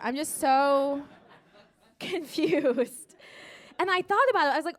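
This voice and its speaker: An American woman performing a live stand-up set, animated and acting out dialogue in voices. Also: high-pitched, measured pace, pauses often. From United States. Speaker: stand-up comedian. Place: theater stage before a laughing audience.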